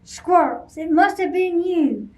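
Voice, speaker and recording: A woman's voice: high voice, slow pace. A woman voicing a grumpy male bear who bellows and growls, reading a storybook aloud. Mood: demanding. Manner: loud, gruff, bellowing. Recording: voice from a distance off mic.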